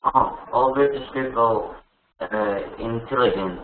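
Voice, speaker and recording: A man learning English, speaking haltingly and searching for words in a group lesson. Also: medium pitch. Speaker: English student. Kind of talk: lesson participation. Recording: tinny, echoey online call line.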